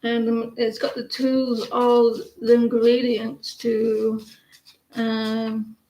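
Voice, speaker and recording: A woman's voice: a little high, level tone, extremely slow, warm tone, slight background noise. A middle-aged woman doing a casual live-stream tarot reading, blunt and rambling as she chats with viewers. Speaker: tarot card reader. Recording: roomy echo.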